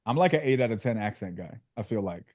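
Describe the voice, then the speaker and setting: Leading a sales community over a video call, this man keeps things casual with jokes, slang, and lots of fillers as he coaches. He talks fast with a low, expressive, slightly mellow voice, recorded at studio quality without echo.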